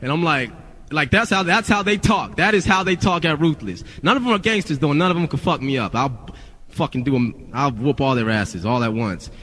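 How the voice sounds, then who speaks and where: Rapper guy rambling thru a story, kinda high voice, cussing a lot, echoey reverb. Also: animated, a little fast, bright, forceful tone. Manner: rambling, profane, lots of "you know". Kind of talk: casual storytelling vlog. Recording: long reverb.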